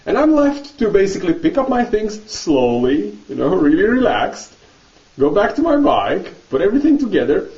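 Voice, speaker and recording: A man vlogging, telling a story in a casual, animated monologue and laughing often. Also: high voice, normal speed, recorded from a distance, lo-fi sound.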